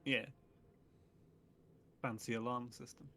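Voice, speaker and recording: A man's voice: medium pitch, little pitch movement, takes it slowly, sharp tone, slight background noise. A man playing a tabletop game in a laid-back, joking way. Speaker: player. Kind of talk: casual tabletop play.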